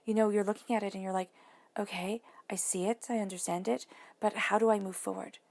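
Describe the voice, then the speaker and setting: A woman giving a tarot reading, talking soothingly and dropping now and then to soft whispers. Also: medium pitch, level tone, quick pace, vocal fry. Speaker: tarot reader.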